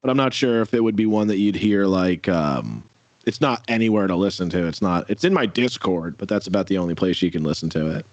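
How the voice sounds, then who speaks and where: A man talks casually in an interview, rambling and circling back with lots of fillers. His voice sits on the low side and sounds dry and dull, like lo-fi audio from a video call. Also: lively intonation, fairly quick, dry recording. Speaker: musician guest.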